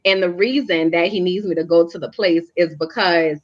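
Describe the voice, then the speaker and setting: A woman from New Orleans gives an earnest, confiding faith talk and calls her listeners y'all. Her voice sits fairly low. The sound is a dull, lo-fi playback of an old livestream. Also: steady tone, fairly quick, hardly any pauses, fairly bright tone. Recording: lo-fi replayed livestream audio.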